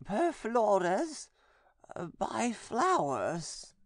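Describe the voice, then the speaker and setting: A male audiobook narrator voicing a possessed nun, with a demon answering through her in a high, strained falsetto and slow, halting words. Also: huge pitch swings, no room sound, clean studio sound, full character voice. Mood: halting, eerie.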